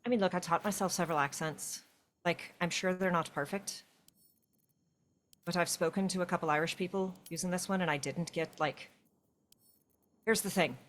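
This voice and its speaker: A woman's voice: fairly low pitch, moderate pace, pauses often, slight background noise. Chatty woman co-hosting a game stream. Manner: chatty, animated storytelling. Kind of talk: casual chat while playing.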